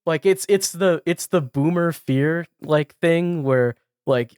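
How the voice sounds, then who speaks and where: A man's voice: on the high side, steady tone, measured pace, darkish tone, clean tone, no room sound, clean studio sound. A man co-hosting a podcast, chatting casually, rambling with lots of "like" and laughing between thoughts. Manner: rambling, heavy "like" fillers, giggly. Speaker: podcast co-host. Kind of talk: casual chat.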